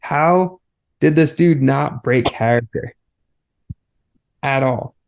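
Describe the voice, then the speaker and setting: A man co-hosting a podcast, relaxed and swearing freely, with lots of fillers. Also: medium pitch, takes it slowly, creaky. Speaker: podcast co-host. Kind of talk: casual chat.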